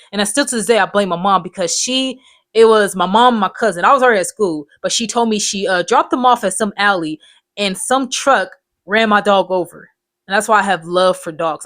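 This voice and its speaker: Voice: medium pitch, a bit bright, dry recording. A person in their twenties telling life stories in a loose, rambling, profane way, full of slang. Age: 20s. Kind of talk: casual storytime monologue.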